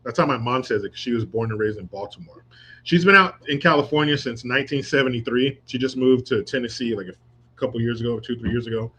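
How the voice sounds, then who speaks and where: A man's voice: mid-range voice, fast, pushed and bright, breathy edge. Crude, sarcastic male commentary host. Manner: crude, sarcastic, mocking, profane. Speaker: host reading live chat. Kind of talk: political commentary livestream.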